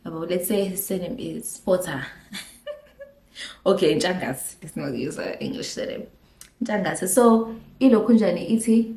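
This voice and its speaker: A woman's voice: fairly low pitch, moderate pace, darkish tone. A young South African woman telling a personal story in a chatty vlog, slipping in isiZulu phrases. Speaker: YouTuber. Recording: roomy echo.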